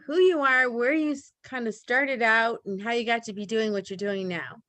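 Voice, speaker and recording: Woman interviewer, encouraging and upbeat, higher pitch, dry close recording. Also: steady tone, normal speed, a bit bright, no echo. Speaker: podcast host. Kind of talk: interview questions.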